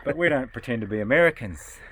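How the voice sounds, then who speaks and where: A man's voice: medium pitch, lively intonation, fast, fairly bright tone, low-quality recording. A man with a New Zealand accent telling stories in an easygoing, casual chat outdoors at a building site. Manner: storytelling, easygoing. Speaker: carpenter. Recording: outdoor recording with clear background noise.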